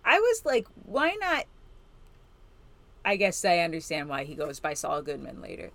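A woman's voice: deep voice, very animated, fairly quick, vocal fry. A woman from Illinois co-hosting a podcast, recapping a TV episode in casual chat, rambling and giggly with lots of fillers. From Illinois, USA. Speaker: podcast co-host.

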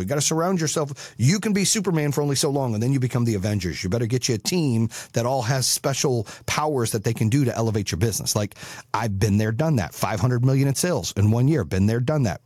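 A man delivers a solo motivational podcast in blunt, profane bursts. His pitch swings widely as he pushes his point. The sound is close and dry, recorded in an office studio. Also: a little mellow, dry recording. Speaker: podcast host and business coach.

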